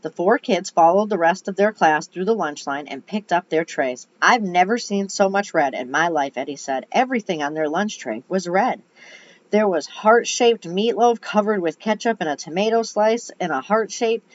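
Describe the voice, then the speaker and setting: Woman, children's book read-aloud, lowish voice, dull lo-fi audio, chatty asides. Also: lively intonation, moderate pace. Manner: chatty asides between passages. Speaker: reader. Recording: dull lo-fi recording.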